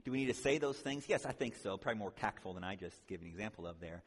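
An earnest man teaches in a conversational sermon style, now and then acting out the voices of the people he quotes. His voice sits fairly low, and it rings with a long reverb as if he were in a large hall. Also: lively intonation, quick pace, husky. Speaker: speaker at a church conference.

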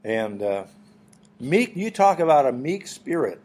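A middle-aged man preaching a sermon as pastor, teaching earnestly, often clearing his throat and restarting phrases. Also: on the high side, very animated, unhurried, darkish tone, a little hiss or hum.

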